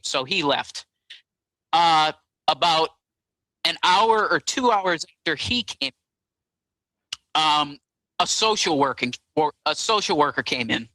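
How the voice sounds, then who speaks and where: A man guest on a talk show, recounting events in a halting, rambling way with many fillers. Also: a little high, pushed and bright, dry recording, low-quality recording. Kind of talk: casual phone-in interview.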